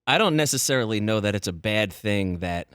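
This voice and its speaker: A man co-hosts a sports talk show in a bright, forceful voice. He gives blunt, opinionated takes in casual chat. The studio mic sound is close and dry. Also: fairly low pitch, lively intonation, brisk, clean tone, no echo. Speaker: sports radio co-host. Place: radio studio.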